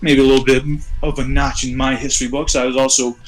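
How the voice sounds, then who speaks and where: A man's voice: medium pitch, little pitch movement, fast talker, soft background music, lightly acted, low-quality recording. A man voicing a boastful male wrestler who rambles about his own titles. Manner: bragging, rambling.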